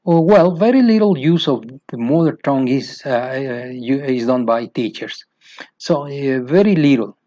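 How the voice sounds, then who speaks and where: A man's voice: medium pitch, expressive, moderate pace, warm tone, no room sound. A man with a Mexican Spanish accent, a native Spanish speaker, explaining a teaching method in English, repeating key words and asking rhetorical questions. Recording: dull lo-fi dry recording.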